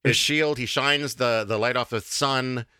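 A man hosting a casual podcast, talking in a halting way with many fillers and restarts. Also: medium pitch, fairly even intonation, bright, forceful tone, clean tone, no echo, studio quality. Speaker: podcast host.

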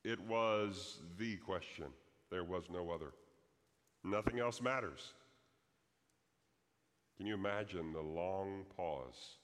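A man's voice: low voice, slow pace, long pauses, fairly bright tone, in a large hall. A man preaching a sermon as pastor, telling a story dramatically and acting out the quoted prayers.

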